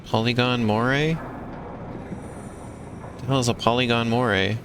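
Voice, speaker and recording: A man's voice: mid-range voice, steady tone, a little slow, noisy background. A man streaming a video game live, musing wryly as he plays.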